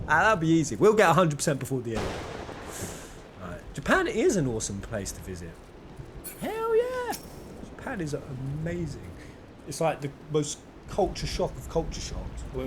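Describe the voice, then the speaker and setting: A man streaming a game and chatting in an animated, self-mocking way. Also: medium pitch, moderate pace, background noise. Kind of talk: casual gameplay commentary. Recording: game music behind the voice.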